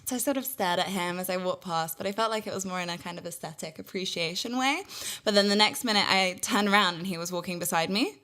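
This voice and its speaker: A woman co-hosting a casual podcast, an animated storyteller who laughs as she talks. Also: on the low side, fast talker. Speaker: podcast co-host.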